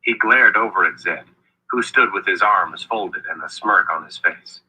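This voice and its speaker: A man narrates a fantasy audiobook in a measured storytelling read. His voice sits low and husky. It carries a sharp, forceful edge. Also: low-quality recording.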